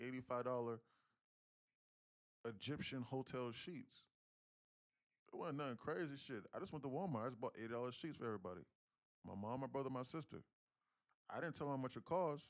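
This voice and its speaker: A young man day-trading on a livestream, chatting casually and profanely with viewers, telling stories loudly and excitedly. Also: medium pitch. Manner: profane, animated storytelling, gets loud and excited.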